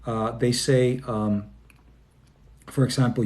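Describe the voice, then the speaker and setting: Speaking to people online, a man from Spain talks casually about self-esteem in a mid-range, slightly mellow voice. He keeps restarting and dropping in fillers, and he slips into quick voice changes to play the people he quotes.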